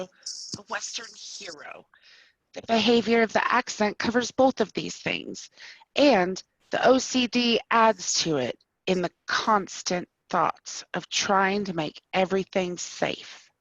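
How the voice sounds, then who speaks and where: A woman playing a calm, patient male therapist who speaks in a measured, soothing way, in a live play reading. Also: medium pitch, no echo. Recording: dull, dry sound.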